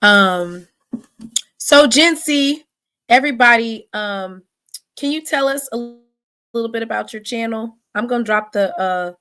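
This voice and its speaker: A woman's voice: on the high side, normal speed, pushed and bright, smooth. A woman hosting a casual sports livestream, reading off player stats with plenty of fillers and a rambling, friendly manner. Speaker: podcast host.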